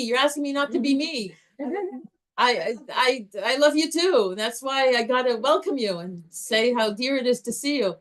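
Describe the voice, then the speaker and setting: A woman teaching a live Torah class to a group, animated and chatty, restarting her sentences often. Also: high voice, moderate pace.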